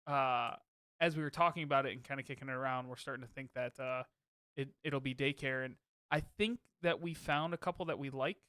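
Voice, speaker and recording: A man's voice: medium pitch, a little fast, sharp tone, smooth, no echo. A man co-hosting a podcast, chatting casually and self-deprecatingly over a video call and laughing easily. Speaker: podcast co-host. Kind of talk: casual chat.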